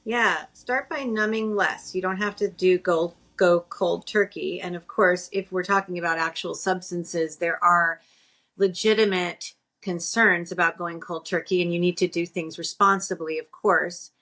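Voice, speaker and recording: A woman's voice: on the low side, steady tone, a little slow, fairly bright tone. A woman co-hosting a podcast, giving earnest, encouraging advice in casual conversation. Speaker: podcast co-host.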